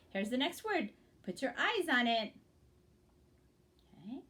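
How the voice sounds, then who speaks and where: A woman's voice: fairly high pitch, very animated, unhurried, sharp tone. A woman teaching young children to blend word sounds in a reading lesson, speaking patiently and encouragingly and checking in often.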